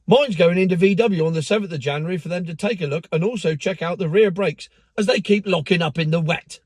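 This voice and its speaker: A man's voice: high voice, no echo. A man giving a sardonic, mocking rant in casual commentary, with the odd swear word. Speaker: car vlogger.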